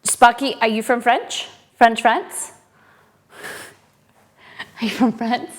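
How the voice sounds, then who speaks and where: A woman's voice: on the high side, drawn-out words. A woman hosting a live cooking stream, chatting casually with viewers and greeting them by name.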